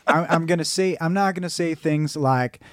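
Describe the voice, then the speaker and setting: A man's voice: a little high, normal speed, dry recording, studio quality. A Midwestern American man in his forties co-hosting a casual podcast, rambling and self-deprecating with lots of restarts. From Michigan, United States. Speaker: podcast co-host. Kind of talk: casual chat.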